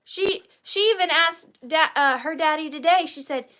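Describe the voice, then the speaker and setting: A woman's voice: high-pitched, normal speed, pushed and bright. A woman in her thirties hosting a live vintage sale, chatty and self-deprecating, easily moved to tears. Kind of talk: chatty live-stream selling.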